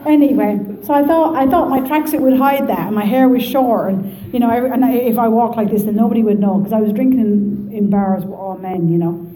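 A woman with an Irish Midlands accent telling her story at a recovery meeting, lively and joking. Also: fairly high pitch, moderate pace, roomy sound, poor audio. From Ireland. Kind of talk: personal testimony to an audience.

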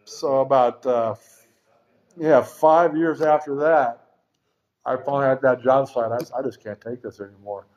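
A middle-aged man shares his recovery story in a loose, rambling way. He is blunt and drops the odd swear word. His voice sits at an ordinary pitch, and the recording sounds dull and lo-fi. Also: a little slow, darkish tone. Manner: rambling, frank, swears casually. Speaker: speaker sharing a recovery story. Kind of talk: personal testimony at a recovery meeting.

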